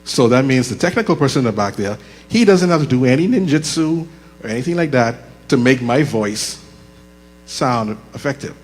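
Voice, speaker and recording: A man's voice: medium pitch, expressive, soft background music. Joking man teaching in an echoey hall. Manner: conversational and joking, slows down deliberately. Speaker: leadership course instructor. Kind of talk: live workshop talk. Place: church room with audible echo. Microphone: handheld microphone. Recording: reverberant hall with mains hum.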